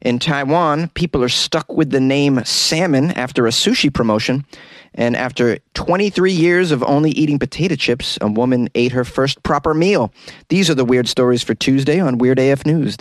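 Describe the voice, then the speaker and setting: A male comedian hosting a comedic news podcast, delivering the stories with wry, deadpan asides. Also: mid-range voice, moderate pace, dry recording. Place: inside a closet.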